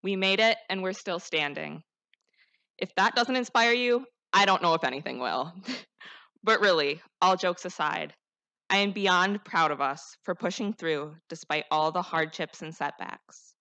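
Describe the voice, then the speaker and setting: A teenage girl speaks at a podium as the class salutatorian, her voice sitting a little low for a young woman. She delivers her graduation speech in an earnest, heartfelt way and builds to rousing calls to action. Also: animated, a little slow, pushed and bright. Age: teens.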